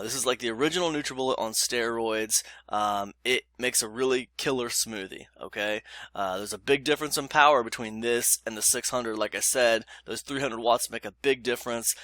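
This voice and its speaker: Bright-voiced man chatting about blenders. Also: medium pitch, no room sound. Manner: chatty, loose, lots of fillers, addresses viewers as "you guys"; emphatic, repeats points. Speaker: YouTube blender reviewer. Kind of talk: casual product review vlog.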